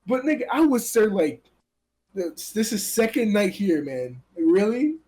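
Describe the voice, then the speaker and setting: A man telling stories among friends in casual chat, animated and swearing, acting out the voices of the people in them. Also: high voice, measured pace, husky.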